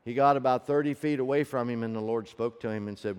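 A man preaching a sermon as a story, swinging from loud peaks to hushed low tones and asking the audience rhetorical questions. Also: quick pace, smooth. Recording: long reverb of a large hall.

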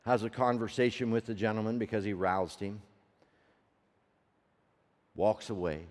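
A man preaching a sermon as a story, swinging from loud peaks to hushed low tones and asking the audience rhetorical questions. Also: a little slow. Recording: long reverb of a large hall.

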